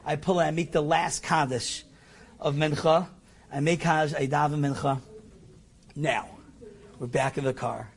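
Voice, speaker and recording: A middle-aged man with a fairly high voice recounts a personal anecdote. He is animated and self-mocking, and he acts out his own lines as he tells it. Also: normal speed, creaky, pauses often, breathy edge. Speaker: storyteller. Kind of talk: personal anecdote told to an audience.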